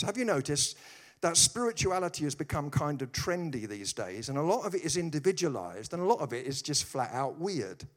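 A man preaching a humorous sermon, telling stories with animated delivery and quick asides. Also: a little high.

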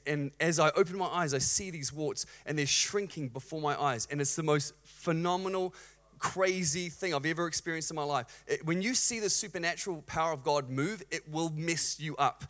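A male pastor preaching a sermon in a church, energetic, swinging from loud exclamations to hushed storytelling. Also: a little high.

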